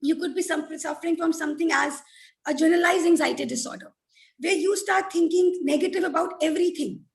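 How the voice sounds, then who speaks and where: Brief: woman mental health expert, high voice, earnest explainer on a panel. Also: brisk, gravelly, poor audio. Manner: earnest, explanatory, frequent "you know" fillers.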